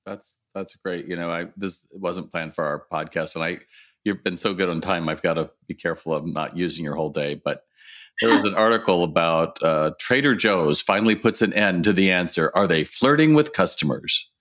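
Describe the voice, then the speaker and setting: A man's voice: sits low, moderate pace, fairly bright tone. A man hosting a podcast, musing in casual conversation with his guest. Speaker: podcast host. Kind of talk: casual interview chat.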